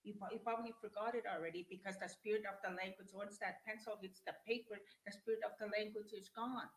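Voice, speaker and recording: A woman's voice: medium pitch, fairly even intonation, quick pace. Older Cree-speaking woman teaching, echoey. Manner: plain, direct, searching for English words. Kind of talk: informal teaching talk.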